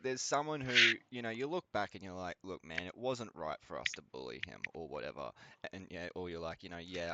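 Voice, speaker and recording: A man's voice: lowish voice, a little hiss or hum. A man co-hosting a stream, talking loosely and laughing as he tells a story. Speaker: stream co-host. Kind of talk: casual reaction commentary. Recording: slightly dull lo-fi audio.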